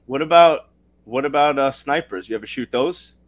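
A man's voice: medium pitch, moderate pace. A man with a Brooklyn accent hosting a trivia show, joking and laughing with his guests. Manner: joking, laughing, self-mocking. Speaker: host. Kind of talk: casual banter on a trivia show.

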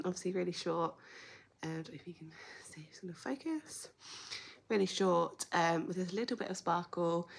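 A young woman chatting casually at home in a vlog, with lots of ums and the odd soft whisper. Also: low voice, vocal fry. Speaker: vlogger. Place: home, indoors.

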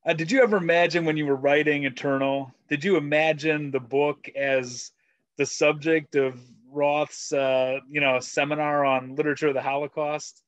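A man interviews an author over a video call, his questions hesitant and full of restarts. His voice sits a bit high for a man, and the sound is close and dry with no room tone. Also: steady tone, normal speed, no room sound. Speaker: library interviewer host.

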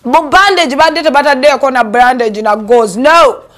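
A young Ugandan woman hosting an entertainment gossip show, sassy and animated, slipping Luganda phrases into her English. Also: high-pitched, moderate pace, soft background music. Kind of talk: casual gossip commentary.

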